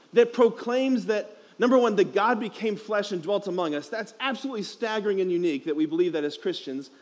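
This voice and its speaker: A young man, a priest, giving a playful, emphatic homily at a youth conference, asking the crowd questions, speaking into a headset mic. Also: sits high.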